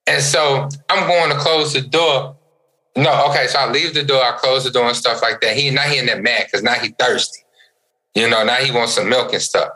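A young man co-hosts a relaxed podcast and tells stories with energy. His voice is bright and forceful, set at an ordinary pitch. He acts out the people he quotes with sudden jumps in pitch. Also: moderate pace, poor audio. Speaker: podcast co-host. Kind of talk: casual chat, storytelling.

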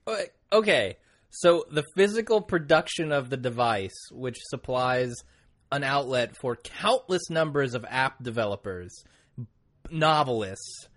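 Wry, teasing podcast co-host. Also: male voice, medium pitch, lively intonation, unhurried, fairly bright tone. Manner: wry, teasing, laughs often. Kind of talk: casual podcast banter.

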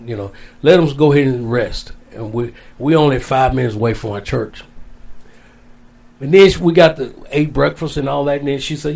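A man's voice: medium pitch, normal speed, gravelly, a little mellow. A man as an interview guest, telling a long personal story in a casual, rambling way, repeating his phrases. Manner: rambling, repeats phrases, folksy Southern-style speech.

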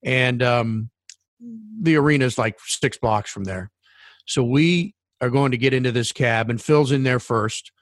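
A man recounting an anecdote in a loose, conversational way, often pausing on ums and uhs. His voice sits at an ordinary middle pitch. The sound is dry and close, with no room around it. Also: no room sound. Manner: rambling anecdote with many fillers. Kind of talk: casual storytelling.

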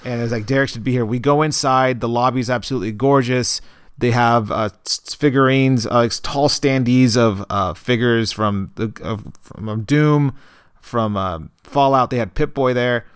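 A man co-hosting a casual gaming podcast, telling an event story in a halting, rambling way with many fillers and restarts. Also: medium pitch, clean tone, dry recording, studio quality. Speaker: podcast co-host. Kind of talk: casual chat.

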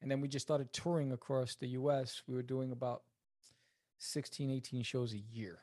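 A man, a comic creator telling stories as a guest in a casual interview, acting out the people he quotes. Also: normal speed. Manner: animated, acts out quoted people in a higher voice.

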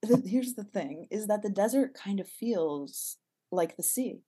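A woman from Miami, a guest songwriter chatting casually, playful and quick to laugh, often trailing off and restarting. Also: mid-range voice, expressive, warm tone, husky. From Miami, USA. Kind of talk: casual chat.

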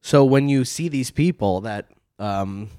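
A man's voice: medium pitch, unhurried, mellow, clean tone, no room sound, studio quality. A man guest on a podcast chatting casually, cracking crude jokes and swearing often. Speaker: comedian guest.

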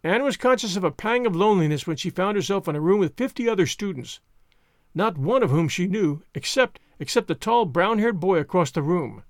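Male audiobook narrator, high pitched, expressive, dry booth sound. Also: fairly quick, dry recording. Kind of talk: scripted narration.

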